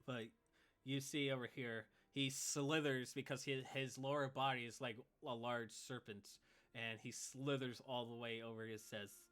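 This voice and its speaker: Guy dm-ing a tabletop game, bright tense voice, lots of likes and ums. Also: medium pitch, flat delivery, moderate pace. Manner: casual, filler-heavy scene setting. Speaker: game master.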